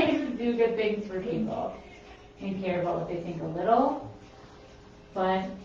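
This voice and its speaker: A woman's voice: medium pitch, mellow, a little hiss or hum. Minnesotan woman chatting from across a roomy studio. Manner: rambling, chatty, laughs at herself. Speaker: pet portrait artist. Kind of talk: casual chat while painting. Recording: roomy, distant, slightly dull.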